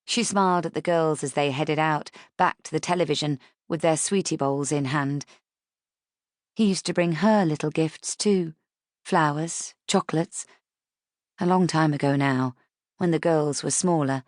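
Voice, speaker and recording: A woman reading a novel aloud as an audiobook narrator, in a measured, steady way. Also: sits low, dry recording, clean studio sound. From United Kingdom. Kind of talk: scripted narration.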